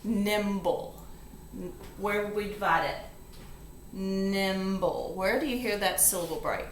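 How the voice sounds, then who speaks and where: Recorded in an echoey classroom with faint ambience and a little hiss or hum, a woman with a mid-range voice teaches phonics. She moves slowly and patiently through the steps one at a time.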